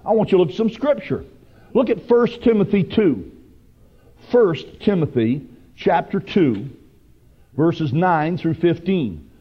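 A man preaching a sermon with fervent, emphatic delivery that rises to loud bursts. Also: sits high, lively intonation, measured pace, long pauses, husky. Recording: dull lo-fi broadcast recording.

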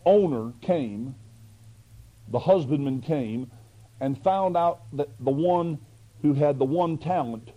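A male pastor preaching with an emphatic, folksy delivery and a high voice. His tone is mellow and warm rather than sharp. He keeps throwing rhetorical questions at the congregation. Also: lo-fi sound. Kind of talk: sermon.

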